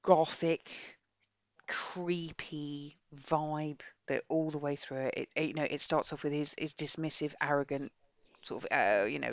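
British woman, mid pitch, blunt chatty book talk, dry close mic. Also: unhurried, dry recording. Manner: chatty, blunt and expressive, reads a synopsis aloud. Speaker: podcast co-host. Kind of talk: casual chat about books.

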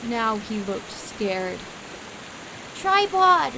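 Woman reading a children's audiobook; slow, clear, fairly high, steady background hiss. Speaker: audiobook narrator. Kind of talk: scripted children's story narration.

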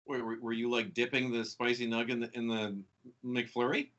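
A man's voice: medium pitch, flat delivery, fairly quick, a bit bright. A man from Milwaukee, a comic artist guest on a podcast, chatting casually in a joking, playful way. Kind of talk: casual chat. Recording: muffled lo-fi audio.

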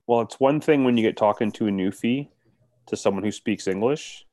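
A man's voice: on the low side, fairly quick, a little mellow, no echo. A man co-hosting a podcast in casual chat, laid-back with dry jokes.

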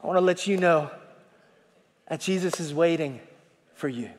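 A male pastor preaching a sermon, folksy, swinging from shouting to hushed tones and calling out to the congregation. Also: a little high, moderate pace. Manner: folksy, repeats calls to the congregation. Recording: long hall reverb.

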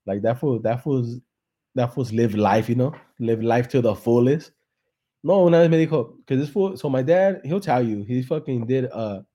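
A young man rattles off a story in a loose, profane way, hopping between English and slang. His voice is mellow and warm, sitting in an ordinary middle pitch. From San Jose, California. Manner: profane, laid-back, switching between English and Spanish slang. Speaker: comedian and podcast host. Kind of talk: casual joke-telling on a live podcast.

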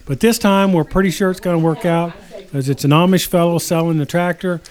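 A man's voice: fairly high pitch, fairly even intonation, a little fast, darkish tone. A man hosting a casual chat, setting up a guest's story with teasing asides. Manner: joking, teasing interjections. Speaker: host.

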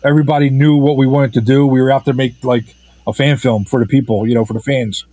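A filmmaker being interviewed, who talks in a halting, casual way, full of fillers and restarts. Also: male voice, medium pitch, flat delivery, mellow, dry recording, low-quality recording. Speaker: filmmaker guest.

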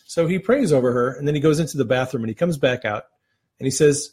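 Husky-voiced man telling a faith story. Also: a little high, quick pace, a little mellow. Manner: earnest, conversational, retells stories with quoted voices. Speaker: ministry host. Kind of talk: casual faith talk and storytelling.

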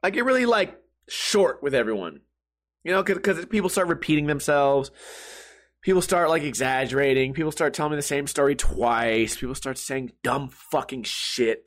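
A man's voice: a little high, normal speed. A man telling a funny story casually, swearing a lot and laughing often. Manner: profane, animated, laughs often.

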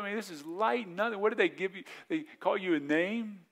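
A man's voice: high-pitched, creaky, fairly bright tone. Conversational male pastor preaching. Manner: conversational preaching, acts out quick voiced asides. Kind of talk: sermon.

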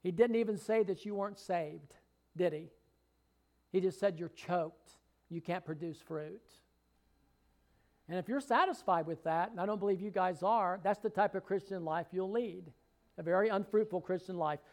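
A man's voice: high voice, normal speed. A man preaching a sermon to a congregation, fervent and rising to emphatic readings of scripture. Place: church hall with congregation.

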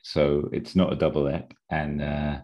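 A man's voice: rumbling low, completely flat delivery, measured pace, dull audio. A man co-hosting a podcast, rambling through an episode idea with many fillers and restarts. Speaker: podcast co-host. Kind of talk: casual chat, pitching an episode idea.

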